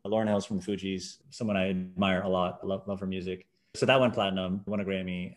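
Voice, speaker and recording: A man in his forties, a podcast guest telling casual stories and acting out the people in them with jumps in his voice. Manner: animated, acts out quoted voices with big pitch jumps. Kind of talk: casual storytelling.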